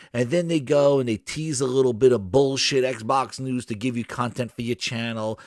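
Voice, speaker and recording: Clean studio sound with no room tone carries a mid-range, slightly mellow male voice. He hosts a gaming podcast and rants furiously, cursing, stuttering and repeating himself.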